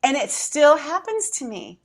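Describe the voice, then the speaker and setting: A woman's voice: high voice, a little slow. Middle-aged woman co-host, casual and emotional, acts out what she thought. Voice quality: emotional, close to tears at times. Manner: animated storyteller, acts out her own thoughts. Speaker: podcast co-host. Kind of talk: casual chat.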